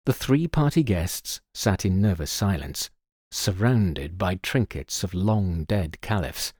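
A man narrating a mystery story in a scripted, expressive storytelling manner. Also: low-pitched, slow, slightly rough, no room sound, clean studio sound.

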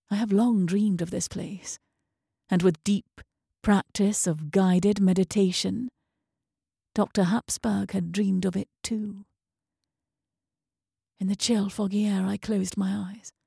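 A woman narrating a first-person horror story dramatically, at times dropping into hushed whispers. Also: medium pitch, creaky, slightly rough, no room sound, clean studio sound.

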